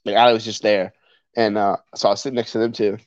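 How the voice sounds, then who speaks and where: A man's voice: on the low side, flat delivery, fast talker, dry recording. A man chatting casually at home, laid-back and teasing, often chuckling. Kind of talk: casual chat. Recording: dull, slightly lo-fi mic.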